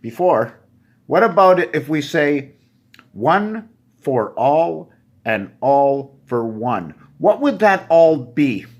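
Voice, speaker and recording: A man's voice: fairly high pitch, sing-song, slow pace. Man rambling through loose wordplay. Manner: free-associating wordplay, questions to himself. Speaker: vlogger. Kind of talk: rambling solo monologue.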